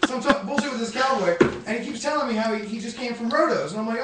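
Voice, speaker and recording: A man's voice: very high-pitched, distant mic. A man telling a long, rambling drunken anecdote in casual podcast chat. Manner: rambling, drawn-out storytelling. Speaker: podcast co-host. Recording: echoey, off-mic, faint hiss.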